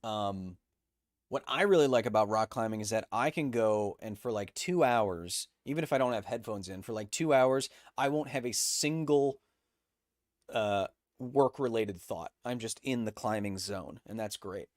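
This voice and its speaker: A man's voice: fairly low pitch, moderate pace, no room sound, studio quality. A man hosting a livestream, chatting casually and rambling with lots of fillers and restarts. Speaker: host.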